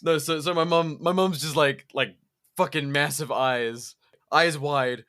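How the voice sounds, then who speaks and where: A man's voice: on the high side, fairly even intonation, a little slow, bright, forceful tone. A young man co-hosting a podcast, telling rambling stories in casual chat, swearing freely and laughing often. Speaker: podcast co-host.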